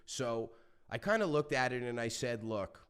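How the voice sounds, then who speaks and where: A man talking as a podcast guest, telling stories in a passionate, animated way and swearing freely. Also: mid-range voice, moderate pace, smooth. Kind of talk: casual interview talk.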